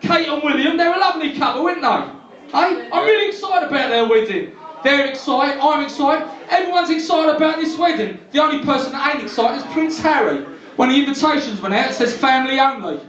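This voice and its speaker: A man's voice: extremely high pitch, animated, fairly quick, a bit bright, far from the mic. A man with a London accent doing stand-up as a brash, cheeky cab driver in a pub comedy venue. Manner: brash, cheeky, leaning on tag questions. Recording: dull roomy club recording from afar.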